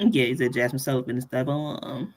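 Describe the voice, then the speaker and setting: A man's voice: medium pitch, expressive, brisk, darkish tone. A man hosting a casual live tutorial, chatty and playful, often laughing between points. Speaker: workshop host.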